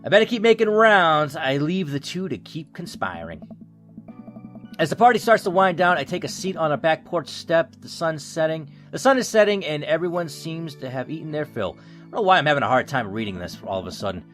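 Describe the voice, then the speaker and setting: An animated man narrating and commenting on a video game, voice rising and falling in a lively way. He jokes and reads story text, with soft game music beneath. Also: on the high side, a little fast. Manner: jokey, emotional, reads aloud. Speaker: gaming YouTuber. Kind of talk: let's play commentary and narration. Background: faint game music.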